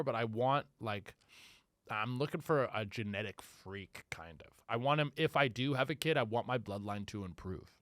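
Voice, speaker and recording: A young man rants through a solo comedy podcast in a middle-pitched voice and swears freely. He acts out quotes with animated flair. The mic is close and dry, with no room sound. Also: dry recording.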